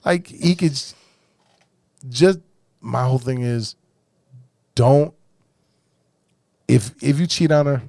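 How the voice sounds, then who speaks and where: A man in his forties hosting a podcast, chatting casually with blunt, profane talk that often drops to a low mutter. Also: takes it slowly, creaky, pauses often, dark tone, dry recording, clean studio sound. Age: 40s. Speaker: podcast host. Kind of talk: casual chat.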